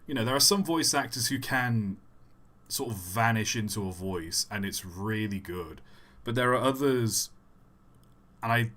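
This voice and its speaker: A man's voice: lowish voice, pushed and bright. A man answering chat questions on a casual live stream, rambling and self-deprecating, with many fillers.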